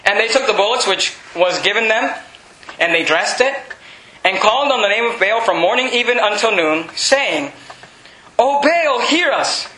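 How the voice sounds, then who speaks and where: A man preaching a sermon, reading scripture and mocking false worship with shouted impressions and laughs. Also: high-pitched, expressive, normal speed, echoey room, slight background noise, low-quality recording. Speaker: pastor.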